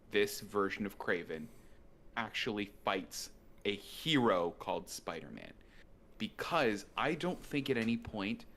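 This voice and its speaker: A man's voice: on the low side, fairly bright tone, a little hiss or hum. A man co-hosting a movie podcast, arguing his point with many "right?" check-ins. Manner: argumentative, builds a point with "right?". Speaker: podcast co-host. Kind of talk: casual movie review chat.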